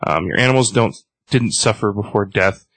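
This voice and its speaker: A man reading aloud the lines of a weary, menacing plant-powered villainess in a flat read-aloud delivery. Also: on the low side, normal speed, creaky, no room sound. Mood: calm. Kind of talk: reading comic dialogue aloud.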